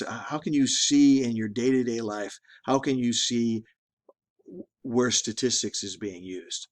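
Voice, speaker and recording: Man giving a rambling statistics lecture. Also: medium pitch. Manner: conversational, repeats and restarts words often. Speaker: statistics instructor. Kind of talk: recorded lecture.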